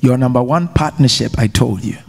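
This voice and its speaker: A man's voice: mid-range voice, fairly quick, gravelly, darkish tone. A man with an African accent preaching a sermon to a congregation, emphatic and rousing, calling on listeners to repeat after him. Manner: emphatic, call-and-response with congregation. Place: church hall with congregation.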